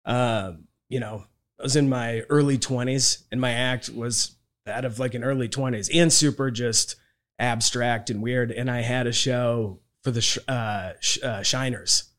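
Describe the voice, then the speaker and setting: A man's voice: medium pitch, steady tone, unhurried, a bit bright. Laid-back man telling a comedy story. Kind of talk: casual podcast chat.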